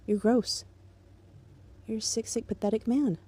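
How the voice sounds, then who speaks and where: Dark, flat-voiced woman venting with contempt. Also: fairly high pitch, a little slow, breathy edge. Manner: bitter, contemptuous and profane, in a controlled steady voice. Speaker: vlogger. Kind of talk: angry monologue addressed to an ex.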